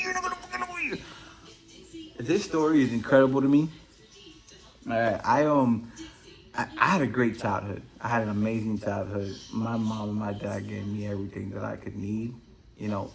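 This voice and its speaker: A man hosting his own podcast, telling stories in a casual, rambling way full of swearing. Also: lowish voice. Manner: profane, rambling storyteller. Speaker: podcast host. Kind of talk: casual solo monologue.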